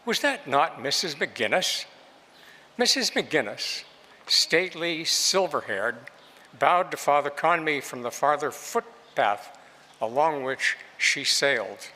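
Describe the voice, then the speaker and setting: A man giving an unhurried, expressive public reading of literary prose, with measured, lilting phrasing. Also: on the high side. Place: museum reading space with long reverb. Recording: long hall reverb.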